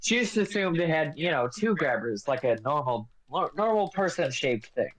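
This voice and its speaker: A woman's voice: deep voice, big pitch swings, normal speed, slight background noise, poor audio. A woman playing in a tabletop game, chatting casually in a rambling way and swearing now and then. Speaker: player. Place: home.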